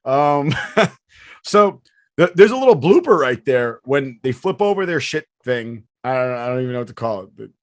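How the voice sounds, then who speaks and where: A man's voice: medium pitch, big pitch swings, normal speed, no echo, clean studio sound. A man hosting a casual podcast, rambling and swearing, laughing often as he talks. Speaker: podcast host.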